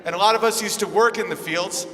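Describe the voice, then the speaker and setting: Brash man, high voice, crude stand-up set, live club room reverb, loud audience. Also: fast talker. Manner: brash, crude, animated storytelling. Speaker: stand-up comedian. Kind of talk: stand-up set with crowd work. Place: comedy club stage before a live audience. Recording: live club recording with hall reverb and crowd noise.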